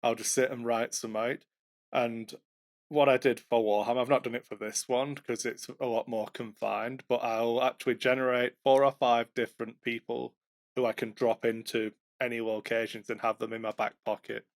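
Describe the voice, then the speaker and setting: A man's voice: mid-range voice, level tone, moderate pace. A man co-hosting a podcast, chatting casually about running tabletop games, self-mocking, with fillers and false starts. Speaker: podcast co-host, game master.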